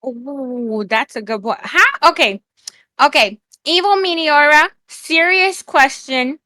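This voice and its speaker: A woman chatting playfully on a stream, excitable and teasing, firing off quick questions. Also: high voice, no echo. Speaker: guest streamer.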